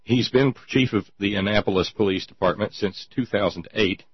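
Guy hosting an online talk show, lowish voice, snarky, dead dry room. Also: normal speed, husky, dry recording. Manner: mocking, reads listener messages aloud. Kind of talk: casual sardonic commentary. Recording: dull lo-fi sound.

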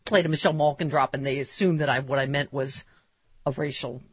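A woman's voice: very deep voice, fairly even intonation, muffled recording, background noise. Woman hosting political talk radio. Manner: quick, laughing, restarts a lot. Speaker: radio talk show host.

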